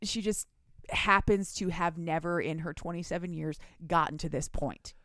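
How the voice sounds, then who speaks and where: In a dry, studio-quality recording, a young podcast co-host animatedly retells the plot of a book in casual chat, full of laughs and swearing. Her voice is lowish and fairly bright, at a moderate pace.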